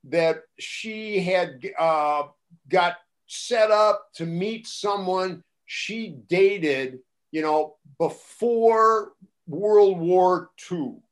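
An older man, a former wrestling broadcaster, telling casual stories on a talk show and acting out the voices of the people he quotes. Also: extremely slow. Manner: animated, acts out quoted voices with rising pitch and loudness. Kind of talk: casual anecdotal storytelling.

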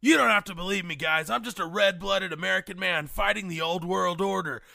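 A man putting on a gravelly, frantic conspiracy radio ranter. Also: sits high, fairly quick, no echo, full character voice. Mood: frantic ranting. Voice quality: gravelly, bellowing. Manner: frantic hectoring rant, keeps yelling "folks" and "wake up". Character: ranting paranoid middle-aged male conspiracy radio host. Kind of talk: comedy parody rant.

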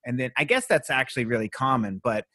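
An animated man tells a story on a casual podcast and laughs through his words. His voice sits at a middle pitch, and the recording is dry and close, with no room sound. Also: quick pace, no room sound.

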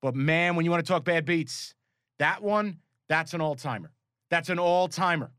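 A man's voice: fairly high pitch, normal speed, fairly bright tone, clean tone, no room sound, studio quality. A man co-hosting a sports betting podcast, telling stories in a profane, exasperated way. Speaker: podcast co-host. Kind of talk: casual sports betting chat.

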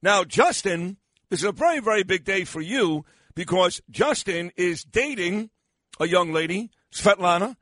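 A man's voice: high-pitched, lively intonation, a little slow, fairly bright tone, no room sound. An older man hosting a morning radio talk show, rambling and self-mocking with lots of fillers, sounding tired and losing his voice. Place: radio studio.

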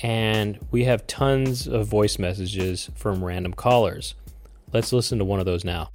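A man's voice: on the low side, measured pace, darkish tone, faint music behind. A man hosting a comedy podcast, riffing dryly and with amusement on a caller's insults. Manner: dry, amused, riffing on jokes. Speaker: podcast host. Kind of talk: casual comedy chat.

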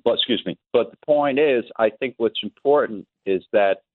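A man's voice: mid-range voice, normal speed, dry recording. Rambling male caller on a phone line. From New York. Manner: rambling, repeats words. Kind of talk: phone-in call.

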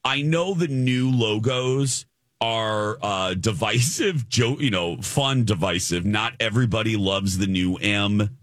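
A man's voice: fairly low pitch, a little slow, no echo, studio quality. A man from the Chicago area co-hosting a radio show, chatting with enthusiasm and often restarting his sentences. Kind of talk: casual chat.

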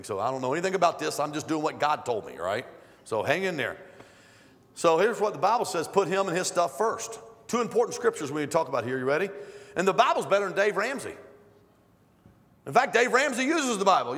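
A middle-aged man preaches to a congregation in a high, carrying voice. He tells stories in a chatty way and then builds to loud, emphatic declarations. His words ring out with a long reverb through a large church sanctuary. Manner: conversational, storytelling, rising to loud emphatic preaching. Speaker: guest preacher. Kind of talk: sermon.

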